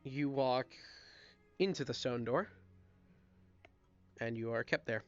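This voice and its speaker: A man's voice: medium pitch, slow, clean tone, lo-fi sound, faint music behind. A man narrating as dungeon master in a casual online tabletop game, talking loosely and apologizing now and then. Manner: casual, apologetic, coughing at times.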